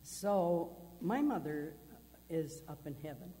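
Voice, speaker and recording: A woman's voice: low voice, lively intonation, slow, warm tone. A woman guest singer chatting to a congregation and asking the children questions, in a reverberant hall. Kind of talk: casual talk to a congregation. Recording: church hall reverb, faint hum.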